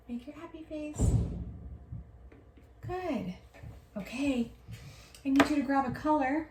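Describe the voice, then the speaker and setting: A woman teacher with a slightly high voice, guiding young children through sounding out words. She stretches each line out slowly so they can follow, with encouraging praise. The room adds a noticeable echo. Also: slight background noise. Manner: slow, drawn-out modelled reading with encouraging praise. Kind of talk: early reading lesson for young children. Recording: roomy echo.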